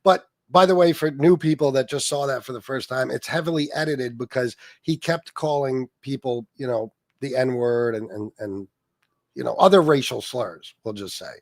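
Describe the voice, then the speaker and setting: A man's voice: mid-range voice, moderate pace, no room sound. A man hosting a livestream, reading chat comments aloud and commenting in a profane, mocking way. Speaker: livestream host.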